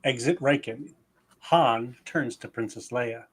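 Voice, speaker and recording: A man's voice: mid-range voice, slow, husky. A man narrating stage directions at a live play reading.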